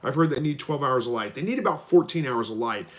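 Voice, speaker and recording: A man from Southwest Missouri hosts a relaxed live broadcast, reading questions from the chat and answering them off the cuff. He talks in an easygoing, halting way, full of ums and small restarts. His voice sits at an ordinary middle pitch for a man. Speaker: livestream host answering viewer chat.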